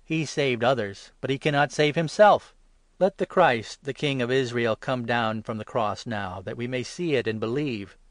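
A man reading aloud and voicing smug male chief priests who mock loudly. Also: mid-range voice, normal speed, no room sound, natural voice.

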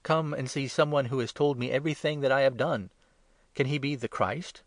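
A Samaritan woman at a well asks earnest, searching questions, as a man reads her part. The voice stays low and gravelly, with little change from his own. The sound is dry and close. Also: brisk, no echo. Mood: questioning. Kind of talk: scripted Bible reading.

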